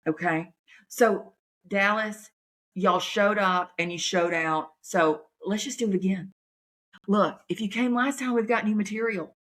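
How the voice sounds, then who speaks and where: A woman's voice: mid-range voice, measured pace. Chatty woman comedian. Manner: chatty, folksy, animated. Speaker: comedian and podcast host. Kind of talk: casual chat.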